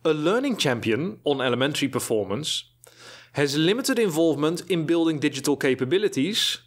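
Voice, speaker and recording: A man's voice: a little high, expressive, brisk. A man presenting a professional training webinar, explaining carefully with frequent fillers and repeated words.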